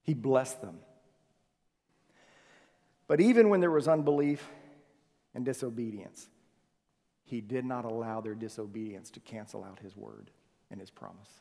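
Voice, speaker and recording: A male pastor preaching a sermon, swinging from loud emphasis to soft, hushed phrases. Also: medium pitch, a little slow, vocal fry, long pauses. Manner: swings from loud emphasis to near-whispered softness. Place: church sanctuary. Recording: long reverb of a church hall.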